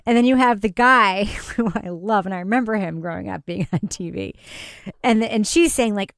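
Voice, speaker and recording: A woman's voice: medium pitch, moderate pace, gravelly, no room sound, clean studio sound. A woman hosting a podcast in casual chat, chatty and laughing easily. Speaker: podcast host.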